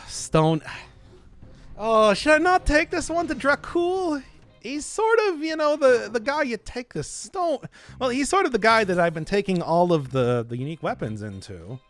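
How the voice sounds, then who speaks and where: A man talking through a video game session in a casual, playful way. His voice sits a little high and swings widely in pitch as he jokes and reacts. Soft music plays behind him. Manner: playful, joking, self-deprecating. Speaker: gaming streamer. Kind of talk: casual gameplay commentary.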